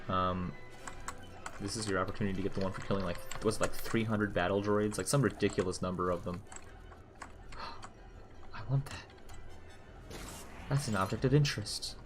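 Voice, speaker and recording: A young man streaming a video game, rambling and joking casually, swearing freely, with keyboard typing nearby. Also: on the low side. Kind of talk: casual gameplay commentary.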